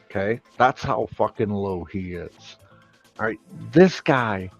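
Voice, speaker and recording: A man on a live stream, ranting slowly and emphatically, full of profanity and mockery. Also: lowish voice, vocal fry, lo-fi sound, soft background music. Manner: profane, slow and emphatic, mocking.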